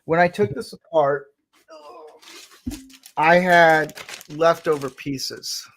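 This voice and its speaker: A young man with a fairly high voice chats into a desk microphone as he builds. He rambles, trails off, and laughs easily. It is loose, relaxed talk between friends. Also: a little hiss or hum. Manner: rambling, chatty, quick to laugh. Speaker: host of a Lego build stream. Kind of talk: casual chat.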